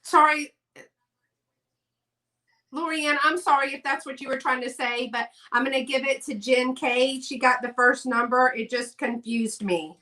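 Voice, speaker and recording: Lady doing a live sale stream, kinda high bright voice, chatty n apologetic. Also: steady tone, measured pace. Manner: chatty, apologetic, gushing over items. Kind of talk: casual live-stream selling.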